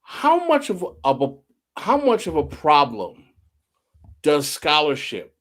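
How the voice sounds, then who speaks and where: Animated, emphatic podcast host. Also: male voice, fairly high pitch, takes it slowly. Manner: emphatic, provocative, animated questioning. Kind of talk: interview.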